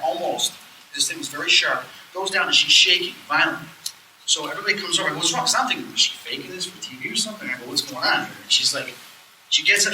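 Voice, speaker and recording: A man's voice: a little high, slight background noise. A man giving a live lecture, telling stories casually and acting out the dialogue in them. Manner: animated, acts out quoted dialogue. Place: lecture hall at a live event. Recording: echoey room recording from far off.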